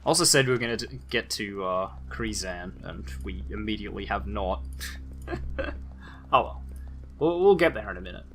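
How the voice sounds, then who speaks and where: A man's voice: on the low side, animated, moderate pace, a bit bright, soft background music. A man hosting a let's play, giving casual commentary with wry, jokey asides and reading in-game text aloud.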